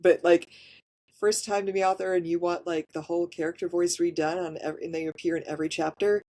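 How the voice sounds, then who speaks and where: A woman with a somewhat low voice, speaking as a guest in a relaxed podcast interview. She is frank and practical, explaining her work in a plain, matter-of-fact way. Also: fairly quick. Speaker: voice actor guest.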